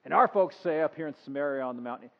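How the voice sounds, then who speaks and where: A man's voice: fairly high pitch, expressive, racing, creaky. A man voicing a sarcastic, weary Samaritan woman at a well, talking back in a snarky way. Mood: challenging. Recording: dull sound with long reverb.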